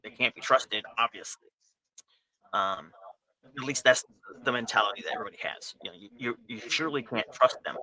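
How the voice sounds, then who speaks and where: A man narrates a tabletop adventure as game master, with a very bright, forceful tone. He describes scenes casually and plainly. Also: mid-range voice, brisk, rough recording.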